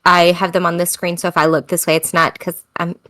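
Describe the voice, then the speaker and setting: A woman's voice: fairly low pitch, little pitch movement, a little fast, sharp tone. Chatty American woman podcast host. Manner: chatty, laughs often, loose and self-mocking. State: tired. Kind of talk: casual chat.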